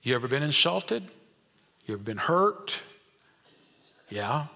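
A male pastor preaching a sermon, dropping to quiet asides and climbing to emphatic points while questioning the congregation. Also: medium pitch, very animated, unhurried, gravelly, long reverb tail.

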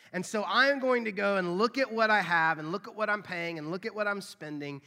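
Bright-voiced pastor man in a big hall. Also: on the high side. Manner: earnest, drops to near whisper for emphasis. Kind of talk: sermon. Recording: long church hall reverb.

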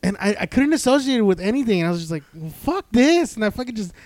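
A man with a high voice rambling through a story, cursing at nearly every turn. He is recorded close and dry. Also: expressive, racing, dry recording. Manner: rambling storyteller, swearing heavily. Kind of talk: casual chat.

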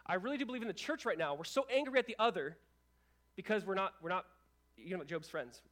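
A young man preaches to his church, talking fast and animated, with casual asides to the congregation. His voice sits fairly high for a man, and he keeps a brisk, lively pace throughout the sermon. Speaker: pastor.

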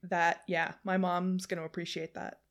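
A young woman co-hosting a podcast, an animated storyteller who mimics voices and laughs often. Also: lowish voice, moderate pace. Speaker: podcast co-host. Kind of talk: casual chat.

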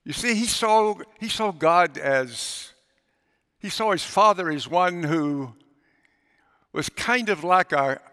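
Rich: A man preaching in a church sanctuary, retelling a story and slipping into its characters' voices. His tone is bright and forceful, sitting a little high for a man. The sound carries a long hall reverb. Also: lively intonation, slow, clean tone. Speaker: pastor. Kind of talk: sermon.

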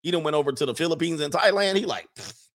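A man's voice: a little high, animated, rapid-fire, fairly bright tone. Joking man streaming. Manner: rambling, joking, breaks into laughter and mock voices. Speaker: livestream host. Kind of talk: casual comedic commentary reading viewer chats.

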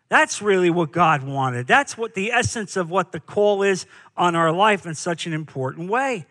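A man's voice: sits high, expressive, normal speed, few pauses, a bit bright. A man preaching a sermon as pastor, emphatic, with rhetorical questions and repeated phrases.

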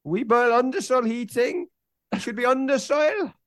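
A man doing a pompous foreign club owner with a put-on Dutch accent, scolding slowly. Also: extremely high pitch, expressive, no room sound, studio quality, voice pushed up.

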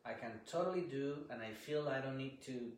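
A man who is a guest on a talk show speaks quietly and haltingly, full of fillers. He sounds far from the mic in a strongly echoing room with a faint hum. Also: mid-range voice. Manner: soft-spoken and hesitant, many fillers. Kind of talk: casual interview conversation. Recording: very echoey room, distant from the mic, faint noise.

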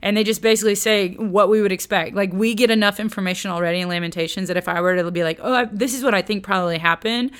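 A woman teaching the Bible in a casual, conversational way, with slangy asides and lively retellings. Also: medium pitch, fast talker, hardly any pauses, clean tone.

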